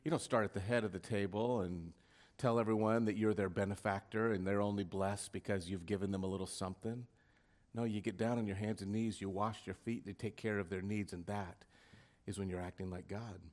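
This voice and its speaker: A man's voice: fairly low pitch, steady tone, a little fast. Emphatic preaching man. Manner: emphatic preaching with rhetorical questions, drops to a hush at times. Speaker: pastor. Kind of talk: sermon.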